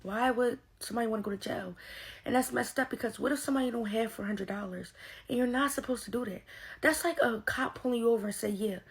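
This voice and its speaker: Gravelly-voiced woman telling a story. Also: fairly high pitch, quick pace. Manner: animated, addresses viewers as y'all. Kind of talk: casual storytime vlog.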